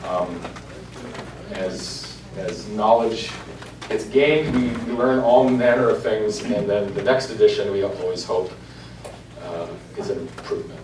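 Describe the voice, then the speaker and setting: Guy teaching a church class, chants the examples out loud, sounds far off in a roomy hall, bit of hiss. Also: fairly low pitch, unhurried. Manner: explanatory, chants example lines aloud in rhythm. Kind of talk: informal lecture. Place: church meeting room. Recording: echoey room, voice from afar, faint hiss.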